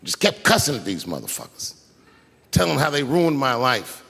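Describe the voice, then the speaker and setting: Middle-aged male comic, profane animated storyteller, lively pitch, live-venue reverb. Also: moderate pace, creaky, breathy edge. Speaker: stand-up comedian. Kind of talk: stand-up storytelling. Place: large venue on stage. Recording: live stage recording with long hall reverb.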